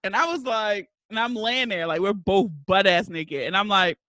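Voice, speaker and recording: A woman's voice: medium pitch, moderate pace, pushed and bright, no echo. A woman from Baltimore hosting a podcast, telling a story in casual chat and laughing her way through it. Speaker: podcast host.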